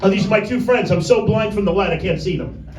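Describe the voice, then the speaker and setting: A high-voiced stand-up comedian rehearses a set at a quick pace for a tiny audience in a small room. He's crude and rambling, teasing audience members by name, and the echoey recording makes his voice sound far off.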